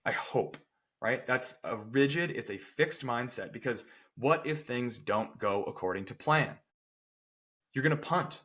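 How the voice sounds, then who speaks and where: A man's voice: medium pitch, animated, measured pace, bright, forceful tone. A man who works as a strength coach, talking casually on a podcast, emphatic and often checking in with "right?". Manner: acts out people's quotes with playful voices.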